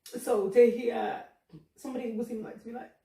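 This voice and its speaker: A woman's voice: on the high side, fairly even intonation, brisk, gravelly, mellow. A woman hosting a faith podcast, talking candidly and emotionally about her personal struggles. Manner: earnest, emotional, confessional. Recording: roomy echo, distant from the mic.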